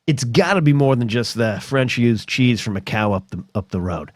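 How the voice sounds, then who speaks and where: A man's voice: medium pitch, moderate pace, no room sound. American man, podcast host, rambling rant, stammering restarts, dry close sound. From United States. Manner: animated, swears, restarts and stammers, mock voices.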